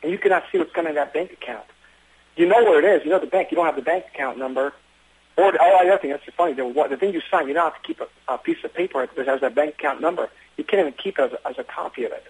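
A man who works as an emergency physician, telling stories in an interview with earnest, quick talk and frequent restarts. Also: a little high, slightly rough, rough recording. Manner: fast, earnest storytelling with many restarts. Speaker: emergency physician running an urgent care. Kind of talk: interview conversation.

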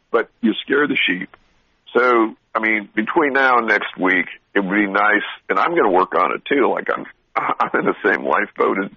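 A middle-pitched man with a husky voice talks straight and blunt, breaking into laughter mid-story. The sound is dry and a little dull, like a radio broadcast. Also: no room sound. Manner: blunt, animated storytelling with frequent laughs and restarts. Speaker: veteran talk show guest speaker. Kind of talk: casual motivational radio talk.

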